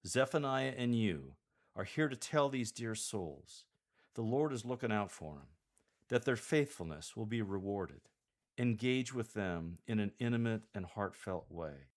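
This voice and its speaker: A man hosting an instructional podcast, coaching scripture readers in a measured, deliberate way. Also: fairly low pitch.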